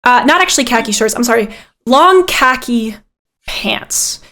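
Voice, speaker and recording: Slow-paced high-voiced woman game master. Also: animated, sharp tone. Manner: unhurried, descriptive narration with frequent ums. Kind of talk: narrating a tabletop game.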